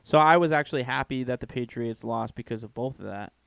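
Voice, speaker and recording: A man on a podcast venting his opinions in casual, profanity-laced chat. His voice sits at a middling pitch and is recorded close and dry, with no room sound. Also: a little fast, gravelly, clear, resonant tone, no room sound. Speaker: podcast co-host.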